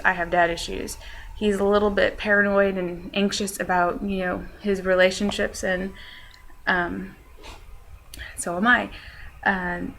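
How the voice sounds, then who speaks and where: A woman's voice: mid-range voice, pushed and bright, a little hiss or hum, rough recording. A young woman chatting casually in a vlog, rambling with lots of fillers and poking fun at herself. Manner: self-deprecating. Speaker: vlogger. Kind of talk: casual chat.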